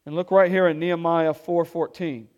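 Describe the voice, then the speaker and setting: A man preaching a sermon as pastor, energetic, with call-and-response and hushed storytelling. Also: on the high side, moderate pace. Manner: drops to hushed tones when telling a story. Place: church.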